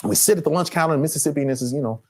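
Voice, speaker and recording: A middle-aged man from Los Angeles, a guest actor, telling animated stories on a panel show and slipping into other people's lines. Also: fairly high pitch, rapid-fire.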